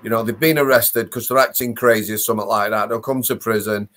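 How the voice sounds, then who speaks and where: A man's voice: lowish voice, fairly even intonation, quick pace, fairly bright tone. A man hosts a casual interview and speaks bluntly with firm emphasis. He talks like a former prison officer chatting with a guest. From England.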